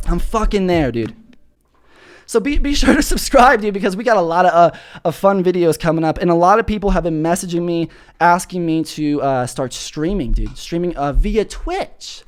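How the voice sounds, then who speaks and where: A man's voice: high-pitched, lively intonation, moderate pace, faint music behind. A young man from Florida hosting his own show, rambling through a profane, goofy comedic monologue full of bro slang. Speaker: podcast host.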